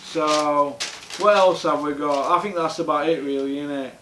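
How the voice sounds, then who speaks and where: A man's voice: fairly high pitch, fairly even intonation, moderate pace, fairly bright tone, roomy sound, slight background noise. A man hosting a boxing vlog, blunt and scornful, firing off rhetorical questions. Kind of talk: ranting monologue.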